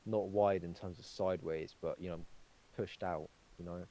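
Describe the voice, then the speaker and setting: A man's voice: low-pitched, fairly even intonation, normal speed, warm tone, poor audio. A young man chatting casually on a podcast, rambling with lots of fillers and swearing. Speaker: podcast co-host. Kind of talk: casual chat.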